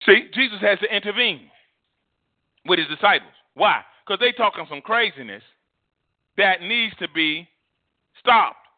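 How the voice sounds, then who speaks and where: Casting: male pastor, high voice, lively rhetorical sermon on thin phone-like audio. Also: unhurried, long pauses, no echo. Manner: emphatic preaching, repeats words, swings loud and soft.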